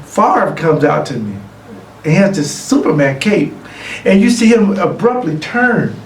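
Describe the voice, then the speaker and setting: Gravelly middle-aged man telling a story. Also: sits high, measured pace, slight background noise. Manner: lively anecdotal storytelling. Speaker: award recipient and guest speaker. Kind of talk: storytelling speech. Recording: echoey room from far off, faint ambience.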